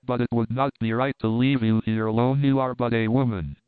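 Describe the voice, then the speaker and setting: A cruel, leering German officer speaks in a mocking, wheedling tone, voiced by a man. The voice is smooth and clean, but it sounds thin and boxed in, like a phone line, with no room around it. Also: mid-range voice, steady tone, a little fast, dry recording, natural voice. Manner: mocking, hollow laughter, wheedling. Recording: dry, tinny phone-like sound.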